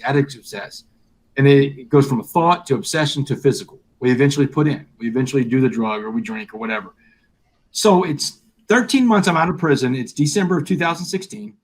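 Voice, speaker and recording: A man's voice: medium pitch, brisk. A middle-aged man, a guest in a live interview, telling a personal story and acting out the dialogue. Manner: animated storyteller, acts out quoted dialogue.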